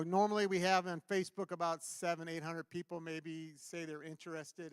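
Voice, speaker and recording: A man with a fairly high, smooth and resonant voice tells an earnest church testimony. He stops and restarts often as his enthusiasm builds. The sound is close and dry. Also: no room sound. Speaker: church member giving announcements. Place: church sanctuary.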